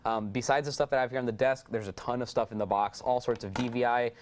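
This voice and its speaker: Male presenter, quick eager sales patter, middle pitch, casual demo delivery. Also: fairly even intonation. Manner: enthusiastic salesy patter with many fillers. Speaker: product presenter. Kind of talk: unscripted product demo.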